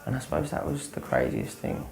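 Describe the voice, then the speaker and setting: A man's voice: medium pitch, wildly swooping pitch, a little fast, vocal fry, a little mellow. A young man in a pop band, musing offhandedly about his career in an interview. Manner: musing, offhand, trails off with "I suppose". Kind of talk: interview talk. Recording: music playing behind. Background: faint music.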